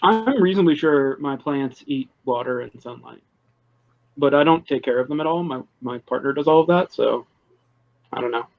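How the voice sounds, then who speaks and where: A man's voice: mid-range voice, animated, normal speed. A man in upbeat, teasing casual chat. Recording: dull lo-fi mic.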